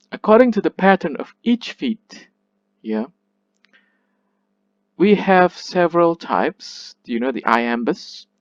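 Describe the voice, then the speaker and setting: A man lecturing on poetic meter, speaking slowly and deliberately, often checking in with "yeah?" and correcting himself as he explains. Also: medium pitch, gravelly, dry recording, dull audio. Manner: slow, deliberate, exaggerates stress when reading lines aloud. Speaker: literature lecturer.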